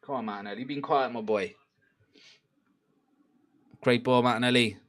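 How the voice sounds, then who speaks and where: Young guy doing a live footy watchalong, chatty, laughs a lot, yells at the players. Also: medium pitch, moderate pace. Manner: chatty, swears, shouts at the players, laughs often. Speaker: football watchalong streamer. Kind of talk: casual live match reaction.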